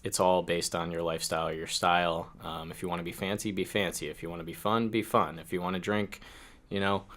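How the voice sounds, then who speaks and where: A man's voice: low-pitched, fairly even intonation, a little fast, fairly bright tone. A man, a company co-founder, answering interview questions casually and unhurriedly, with many fillers.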